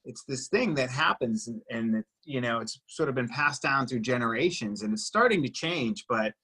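A young man from Boston, a breathwork guide and former personal trainer, explaining in an earnest, animated way during a casual conversation. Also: mid-range voice, moderate pace, slightly rough, low-quality recording.

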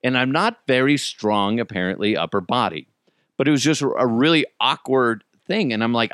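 A man, the host of a podcast, telling a story in a casual, animated way, swearing freely and laughing as he goes. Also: medium pitch, moderate pace, dry recording, studio quality. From United States.

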